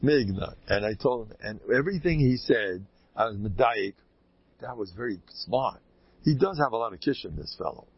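A man, a rabbi, teaching a lively religious class, telling anecdotes with bursts of loud emphasis. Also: mid-range voice, husky, lo-fi sound.

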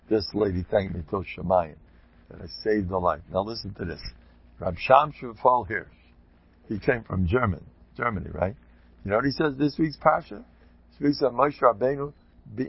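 A man, a rabbi, giving an informal talk to a group, an animated, joking storyteller who sprinkles in Yiddish and Hebrew terms. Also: medium pitch, husky, no echo, highs cut off.

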